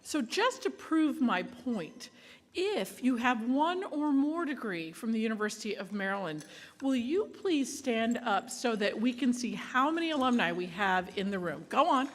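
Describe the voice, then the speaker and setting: A woman's voice: on the high side, sing-song, moderate pace. Playful woman emceeing in an echoey hall. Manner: playful, jokey, chatty. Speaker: awards ceremony emcee. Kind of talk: live ceremony remarks. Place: large event hall.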